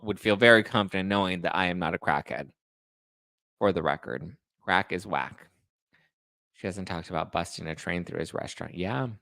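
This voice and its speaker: A man's voice: lowish voice, vocal fry, fairly bright tone, no echo. A man hosting a podcast, chatting casually and with sass while recapping reality TV. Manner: chatty and sassy, acts out quotes. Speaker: podcast host.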